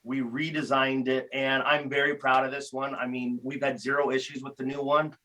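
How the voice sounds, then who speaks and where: A man talking casually as a podcast guest, telling animated stories with frequent restarts. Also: medium pitch, normal speed, poor audio. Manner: animated storyteller, many restarts. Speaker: guest, tool company founder.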